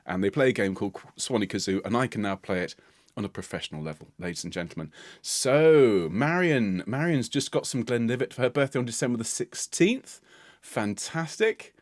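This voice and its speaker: A man's voice: mid-range voice, animated, brisk, no echo, clean studio sound. A British man leading a choir livestream, chatting in a playful, jovial way and laughing often. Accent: British English. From United Kingdom. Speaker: choir leader hosting a livestream.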